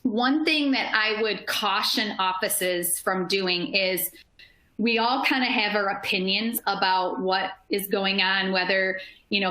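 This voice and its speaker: A woman with a Midwestern accent giving an upbeat, energetic marketing webinar, with frequent ums. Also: medium pitch, echoey room. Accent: Midwestern American. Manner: upbeat, energetic, many fillers. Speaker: marketing speaker. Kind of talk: webinar presentation.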